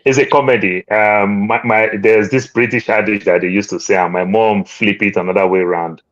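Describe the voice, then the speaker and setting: A man's voice: fairly low pitch, steady tone, moderate pace, a bit bright, dry recording, highs cut off. A man giving wry political commentary as a panel guest, telling homely proverbs. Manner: wry, chuckling, tells proverbs.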